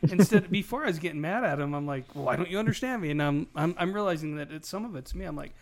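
Podcast host dude, chatty, tells funny stories, slightly high voice. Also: male voice, expressive, quick pace. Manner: chatty, tells anecdotes with a laugh. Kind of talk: casual chat.

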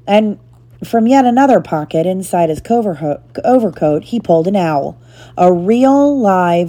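A woman reading a chapter book aloud to her child in a steady, gentle narrating manner. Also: fairly low pitch.

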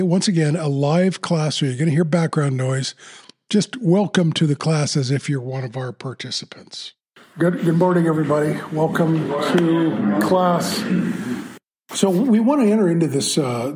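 A man teaches a live Bible class in a slow, deliberate voice that sits a little high for a man. He pauses often, adds the odd filler and reads scripture aloud with care. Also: a little mellow.

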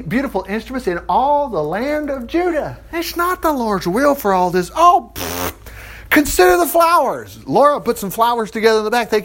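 A man's voice: very high voice, fairly bright tone. A man preaching a folksy sermon, reading scripture aloud and acting out little dialogues with jokes and laughs. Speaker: pastor.

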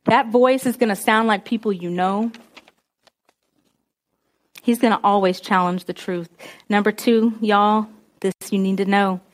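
A woman's voice: mid-range voice, steady tone, unhurried, long pauses. A woman preacher giving a conversational, emphatic sermon to students, with call-and-response.

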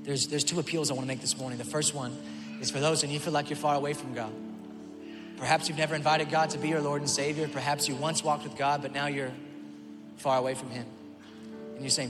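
A male pastor delivering a sermon, moving between quiet storytelling and loud, shouted preaching. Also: mid-range voice, steady tone, fast. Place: large church auditorium. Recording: long hall reverb with music behind.

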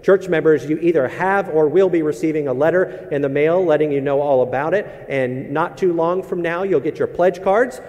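A man's voice: on the high side, moderate pace, hardly any pauses, darkish tone. A male pastor preaching a sermon in a church, reading scripture and praying, then moving into a casual, joking talk with the congregation. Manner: conversational, joking asides between scripture and prayer. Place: church sanctuary. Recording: long hall reverb.

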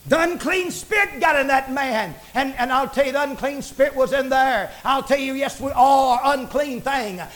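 A pastor preaching a fiery sermon in a rhythmic cadence, repeating phrases and building to shouts. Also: male voice, very high-pitched, moderate pace, hardly any pauses. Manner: repeats phrases, frequent "praise the Lord".

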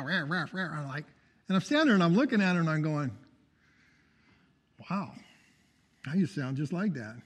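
Fervent high-voiced man preaching in a reverberant hall. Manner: fervent, calls out for amens. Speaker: testimony speaker. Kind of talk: preaching testimony.

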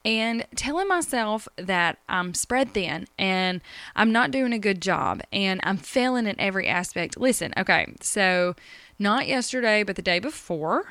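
A woman hosting a podcast rambles emotionally about her day, speaking straight to her listeners in a personal, confessional chat. Her mid-range voice is clear and resonant, a bit bright, recorded with no room sound.

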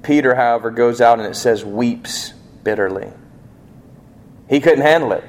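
A man preaching a sermon in a conversational way, asking rhetorical questions and acting out quoted lines, slowing down to stress key points. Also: mid-range voice. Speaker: pastor.

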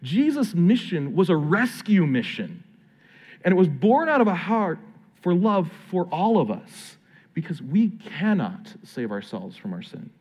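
Lively-voiced man preaching a sermon. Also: high-pitched, muffled recording. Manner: conversational, earnest preaching with slowed emphatic phrases. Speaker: pastor.

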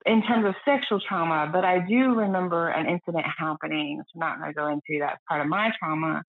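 A woman from the United States speaking candidly as a podcast guest, earnest and reflective, often quoting others in a lowered voice. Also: brisk, no echo. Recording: dry, phone-like lo-fi audio.

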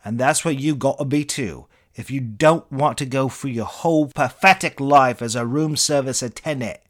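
A man voicing an enraged, crude middle-aged British comedian with an English accent, shouting and sneering. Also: mid-range voice, moderate pace, pitched above the performer's own voice, lightly acted. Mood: ranting.

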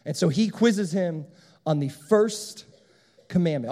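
Emphatic pastor in an echoing hall. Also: male voice, a little high, animated, slow, mellow. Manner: emphatic, repeats key phrases. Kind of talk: sermon. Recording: long hall reverb.

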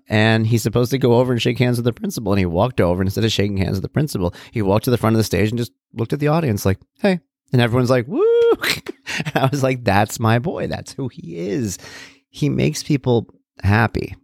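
A man's voice: lowish voice, vocal fry, darkish tone, no room sound, clean studio sound. A man hosting a solo talk, reflecting conversationally with many asides and restarts. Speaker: podcast host, parent.

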